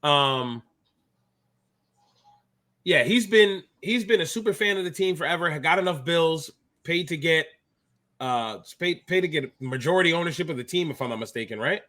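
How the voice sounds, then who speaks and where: Animated man chatting about basketball. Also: fairly high pitch, moderate pace. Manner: animated, jokey, distracted mid-talk. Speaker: podcast co-host. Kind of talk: casual sports chat.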